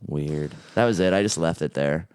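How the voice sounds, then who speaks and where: Male comic hosting a casual podcast; low, expressive, rambling storyteller, dry mic. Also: quick pace, clear, resonant tone, no echo. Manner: animated, rambling storyteller who swears freely. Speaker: podcast host and stand-up comic. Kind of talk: casual chat.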